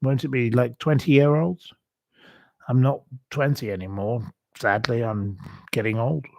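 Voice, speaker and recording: A man's voice: medium pitch, steady tone, unhurried, vocal fry, darkish tone, slight background noise. Rambling, chatty man. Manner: rambling and chatty, many ums and asides. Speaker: host. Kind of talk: casual livestream chat.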